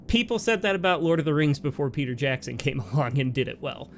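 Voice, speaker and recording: A man's voice: fairly high pitch, quick pace, slight background noise. A man co-hosting a let's play, chatting casually and laughing often, with lots of "like"s between his points. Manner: animated, laughs often, talks in bursts with many "like"s. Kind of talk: casual gameplay commentary.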